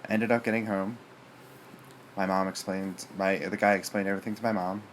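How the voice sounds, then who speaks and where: A man's voice: sits low, level tone, fairly quick, slight background noise. A man telling a personal story to his viewers in a rambling, hesitant way, full of fillers and restarts. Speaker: vlogger.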